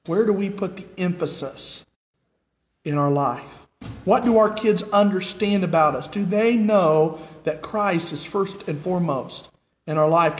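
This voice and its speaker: An American man preaching a sermon in an earnest way, asking the congregation repeated questions. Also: sits high. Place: church sanctuary with nearly empty pews. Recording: echoey church hall.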